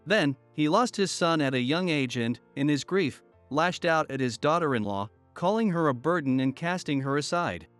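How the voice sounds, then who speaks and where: A man reading a first-person story in an even, measured storytelling voice. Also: fairly high pitch, clean tone, faint music behind. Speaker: narrator.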